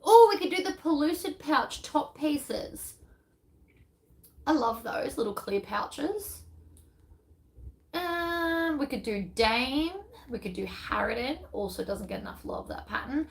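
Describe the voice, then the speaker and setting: A chatty woman hosts a casual live stream and thinks aloud as she goes. Her voice sits a little high. She rambles along, with plenty of ums and trailing half-thoughts. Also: animated, slow pace, rough recording. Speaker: sewing pattern designer hosting a live stream.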